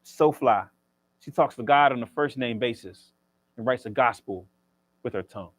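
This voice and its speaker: A man's voice: mid-range voice, normal speed. A man performs spoken word poetry as the featured poet at a library reading, with a rhythmic, preacher-like cadence and joking banter between poems.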